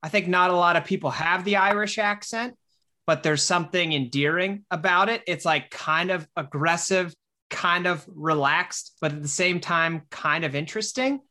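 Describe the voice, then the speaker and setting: A man's voice: high-pitched, normal speed, sharp tone. A man from Wisconsin co-hosting a casual podcast, curious and a little rambling as he talks. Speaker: podcast co-host. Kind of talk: casual chat.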